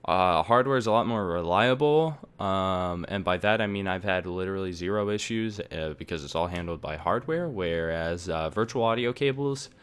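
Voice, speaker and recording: A young man talks through his recording gear at his computer, rambling and offhand, with plenty of fillers. His voice sits a bit low and comes through smooth and clear on a desktop mic. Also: animated, moderate pace, few pauses, a bit bright. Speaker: tech tutorial maker. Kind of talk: casual screen-recording tutorial. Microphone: desktop USB microphone.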